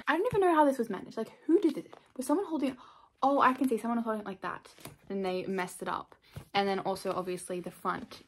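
A young Australian woman with an Australian accent, chatting casually in a rambling book haul vlog from her room, full of "like" and quick asides. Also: medium pitch, slight background noise. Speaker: book vlogger.

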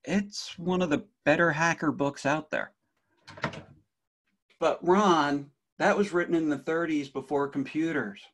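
A man's voice: a little high, unhurried, fairly bright tone, a little hiss or hum. A middle-aged man from New Jersey with a faint Jersey accent, giving a jokey conference talk on cybersecurity and speaking straight to the audience.

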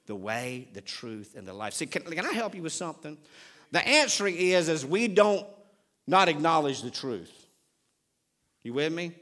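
Male pastor preaching a sermon, slightly higher voice, repeats lines, questions the crowd, goes from loud to hushed. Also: very animated, normal speed. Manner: swings between loud exclamations and hushed, low passages; repeats phrases for emphasis, asks the congregation questions.

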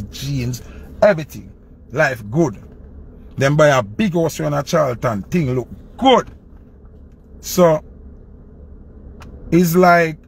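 A man with a Jamaican accent, a dancehall selector telling a personal story in an animated, rambling way. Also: fairly high pitch, slight background noise. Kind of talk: casual storytelling to camera.

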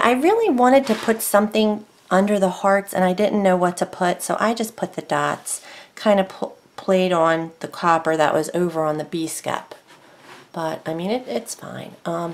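A woman casually showing and explaining her papercraft project, rambling with many fillers and self-corrections. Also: lowish voice. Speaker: craft vlogger. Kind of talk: casual craft show-and-tell.

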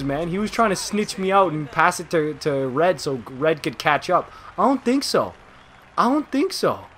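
Excitable and full of trash talk, a young man hosting a gaming video commentates live on his gameplay, lurching between low mutters and abrupt yells.

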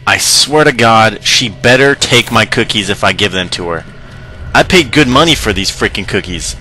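A man's voice: on the low side, animated, normal speed, sharp tone, a little hiss or hum. A young man giving goofy, rambling gameplay commentary, swearing often. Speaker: gaming video host.

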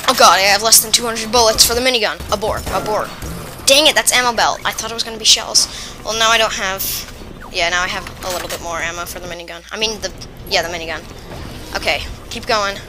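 A woman giving chatty, excitable, rambling commentary while playing a video game. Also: medium pitch, fast talker, over music, poor audio. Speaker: let's play gamer. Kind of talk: casual gameplay commentary.

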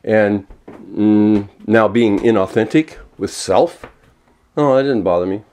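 A man in his seventies ranting alone at home, swearing a lot and swinging between angry outbursts and a soft, mock-gentle tone. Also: fairly low pitch, slow. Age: 70s. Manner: frequent swearing and self-mocking laughs. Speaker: vlogger. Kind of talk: unscripted solo rant. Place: walking around indoors at home.

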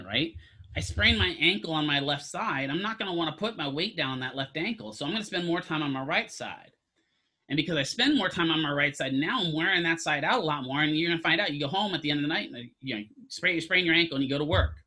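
Bright-voiced man giving a casual lecture. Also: fairly high pitch, husky. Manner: asks students questions, casual joking asides. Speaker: physical therapy instructor. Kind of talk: classroom lecture.

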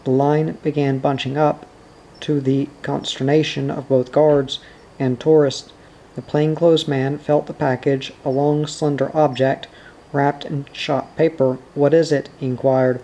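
Flat, mellow-voiced male audiobook reader. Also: medium pitch, poor audio. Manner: even, measured reading with quiet quoted dialogue. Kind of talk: nonfiction audiobook narration.

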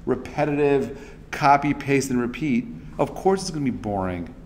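A man's voice: medium pitch, expressive, normal speed, darkish tone, a little hiss or hum. Chatty man teaching a class. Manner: chatty, many fillers and restarts, acts out quotes. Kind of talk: casual interactive class talk.

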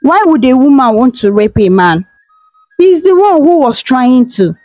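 Storybook: a woman playing a tearful, pleading young maid, higher voice. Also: big pitch swings, normal speed, warm tone, dry recording, poor audio.

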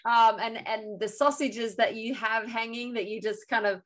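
A woman's voice: a little high, fairly even intonation, moderate pace, fairly bright tone. A woman hosting an online video call, speaking in a chatty way with many fillers as she talks to her guest and the viewers. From Australia.

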